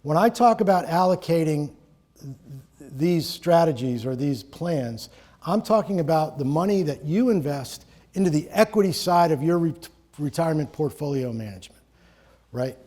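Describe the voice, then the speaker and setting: A man's voice: a little high, animated, moderate pace, mellow. A middle-aged man from Connecticut presenting a live seminar in a conversational, joking way, to an audience in a room. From Connecticut, USA.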